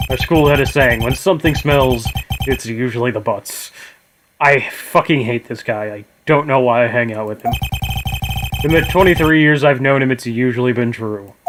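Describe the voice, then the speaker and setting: A man's voice: medium pitch, poor audio. A man streaming a live game let's play, reading dialogue aloud in a casual, swearing manner. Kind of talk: casual live gameplay narration. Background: game music.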